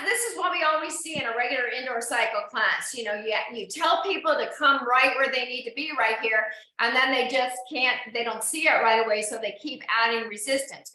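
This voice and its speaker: In a very echoey room, a woman with a fairly high, sharp voice coaches a live online indoor cycling class. She encourages the riders and checks in on each one by name.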